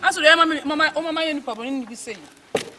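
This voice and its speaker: A woman's voice: sits high, rapid-fire, heavy background noise, lightly acted. A woman from Ghana playing a fretful woman who laments over money in a comedy skit, full of exclamations. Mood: lamenting.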